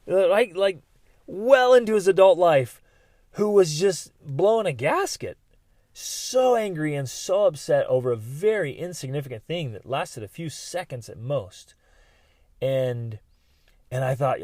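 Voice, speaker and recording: Animated male podcast host, dry close sound. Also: mid-range voice, normal speed, dry recording. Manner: animated storyteller, acts out quotes loudly. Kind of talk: personal storytelling podcast.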